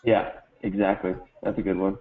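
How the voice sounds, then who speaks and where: A lower-voiced man answers exam questions in a relaxed, hesitant way, trailing off and circling back. His voice comes through thin and narrow, like over a phone line. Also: normal speed. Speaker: exam student. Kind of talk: casual tutoring Q&A.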